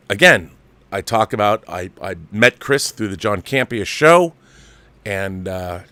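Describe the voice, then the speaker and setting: Low-voiced man reading viewer mail. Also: a bit bright, clear, resonant tone. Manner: reads letters aloud with asides and interjections. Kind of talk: casual chat.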